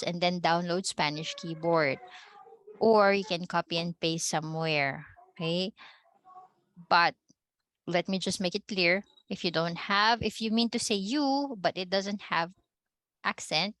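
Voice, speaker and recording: A woman's voice: on the low side, measured pace, fairly bright tone. A woman with a Filipino accent teaching a Spanish class online, mixing in Tagalog and often checking that students follow. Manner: mixes English with Tagalog, asks checking questions.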